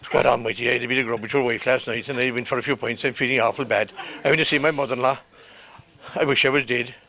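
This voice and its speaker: A man putting on a sick, sorry-for-himself Irish lad, the voice sinks low and heavy, groaning his way through every line, sounding like he wishes the night had never happened. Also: steady tone, quick pace, gravelly, bright, forceful tone. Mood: miserable. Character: queasy hungover man groaning in bed.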